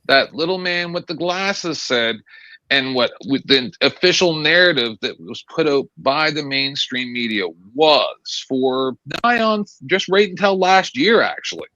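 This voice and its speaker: Bright, animated male panelist, sarcastic, lo-fi mic. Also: on the high side, measured pace, no room sound. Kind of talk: casual live-stream panel talk. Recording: dull lo-fi mic.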